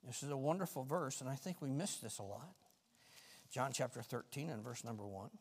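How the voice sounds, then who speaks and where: A male pastor preaching a fervent sermon with folksy, self-mocking humor, swinging between shouts and quiet talk. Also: mid-range voice, a little fast, breathy edge. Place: church sanctuary. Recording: long reverb of a church hall.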